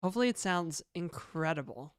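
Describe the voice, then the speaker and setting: A woman's voice: lowish voice, expressive, brisk, no echo, clean studio sound. A woman streaming her game development, chatting loosely with viewers and rambling between reactions. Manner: rambling, chatty, swears casually, reacts to chat. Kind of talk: casual livestream chat.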